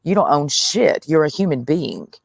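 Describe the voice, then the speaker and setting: A man's voice: on the high side, big pitch swings, moderate pace, creaky, no echo, studio quality. A man in a blunt, profane monologue, speaking in the first person as God, full of slang and swearing. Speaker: vlogger.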